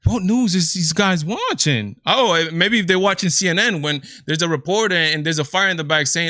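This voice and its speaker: A man's voice: high voice, normal speed, hardly any pauses, bright, forceful tone, no echo, clean studio sound. A man hosting a reaction commentary video, talking in incredulous bursts with repeated exclamations. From Latin America.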